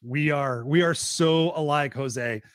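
A man's voice: fairly high pitch, slow pace, dry recording, clean studio sound. A man hosting a podcast, chatting casually and eagerly telling stories. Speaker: podcast host. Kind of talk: casual interview chat.

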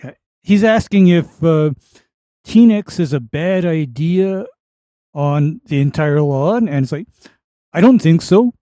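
A man's voice: on the high side, mellow, dry recording. A man co-hosting a live lawn-care call-in show, giving laid-back advice step by step. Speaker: co-host answering lawn care calls. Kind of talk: casual call-in show talk.

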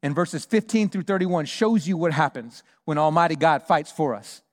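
A man preaching a sermon as pastor, emphatic, moving between hushed and loud delivery. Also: a little high, expressive, moderate pace. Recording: long hall reverb.

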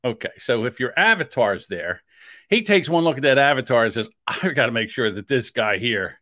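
A man's voice: mid-range voice, lively intonation, normal speed, bright, forceful tone, no room sound, clean studio sound. A man co-hosting a podcast, teasing his partner with sarcastic jokes in casual chat. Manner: teasing, sarcastic, laughs often. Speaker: podcast co-host.

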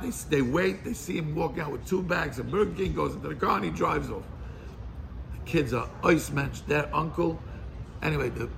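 A man leads an informal Torah class, quizzing his listeners and dropping Hebrew and Yiddish terms into his English. His voice is high for a man and gravelly. Faint noise sits behind him. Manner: animated, questioning the group, mixes in Hebrew and Yiddish terms.

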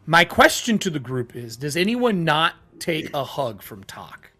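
A man narrating as game master of a tabletop game in a halting way. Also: a little high, very animated, pushed and bright, faint music behind.

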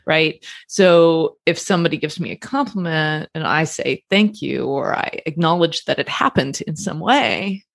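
A woman's voice: low-pitched, lively intonation, moderate pace, gravelly, hardly any pauses, no echo, clean studio sound. A woman co-hosting a casual talk show, explaining ideas in an affirming way. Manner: explanatory, affirming with frequent mm-hmms.

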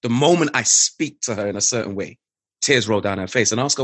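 A man's voice: fairly low pitch, a little fast, a bit bright, no echo. A man speaking as an interview guest, earnest and reflective, repeating key phrases for emphasis. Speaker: guest, father. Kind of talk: candid conversational interview.

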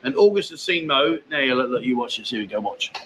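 Bright, chatty English man on a livestream. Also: medium pitch, animated, quick pace, a little hiss or hum. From England. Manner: chatty and blunt, calls viewers mate. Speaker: livestream host. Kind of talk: casual livestream chat answering viewer comments. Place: expat home in Thailand.

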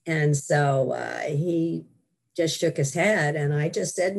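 Older woman guest, gravelly and husky, animated storyteller who laughs easily. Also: deep voice, takes it slowly. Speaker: guest author. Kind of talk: interview storytelling.

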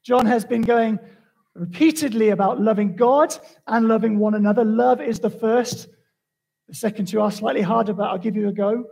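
A man preaching a sermon as pastor, telling a story in a lively, conversational way. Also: sits high, moderate pace, gravelly, breathy edge, poor audio.

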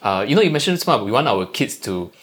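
A man hosting a podcast, reflecting casually with quick asides. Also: mid-range voice, big pitch swings, fairly bright tone. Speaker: podcast host. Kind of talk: casual interview chat.

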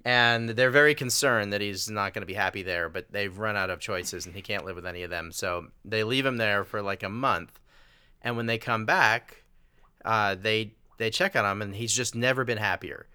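A man's voice: lowish voice, moderate pace, bright, forceful tone, clean tone, no echo. A middle-aged man hosting a casual conversation, laughing often and telling a self-deprecating joke. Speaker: podcast host.

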